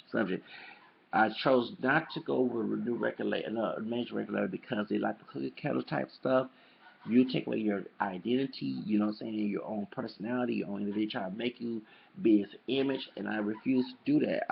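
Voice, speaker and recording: Fast-talking gravelly man, rambling. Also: medium pitch. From El Paso, Texas. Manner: rambling, emphatic, repeats "you know what I'm saying". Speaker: vlogger. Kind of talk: casual monologue to camera. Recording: dull lo-fi home video audio.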